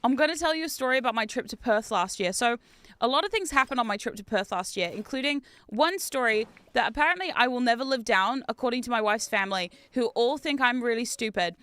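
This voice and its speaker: A woman's voice: on the high side, lively intonation, quick pace, a bit bright, clean tone, no room sound. A woman streaming a game, telling stories in a chatty, self-mocking way with frequent laughs. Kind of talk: casual chat while gaming.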